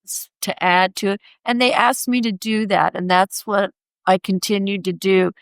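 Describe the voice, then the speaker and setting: A woman sculptor, a podcast guest, telling an anecdote and acting out the quoted voices in a higher pitch. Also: normal speed, dry recording. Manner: animated, acts out quoted voices in a raised pitch. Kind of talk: anecdotal storytelling in conversation.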